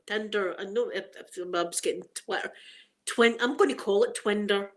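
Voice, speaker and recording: A middle-aged Scottish woman chatting on a casual livestream, laughing often and greeting viewers by name. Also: a little high. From Scotland. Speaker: ASMR livestream host. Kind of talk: casual live chat.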